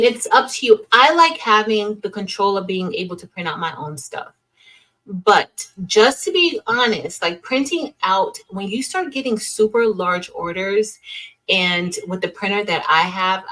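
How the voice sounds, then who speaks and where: A woman's voice: mid-range voice, animated, a little slow, a bit bright, poor audio. A young woman hosting a casual craft livestream, chatting loosely, trailing off and restarting sentences as she greets viewers by name.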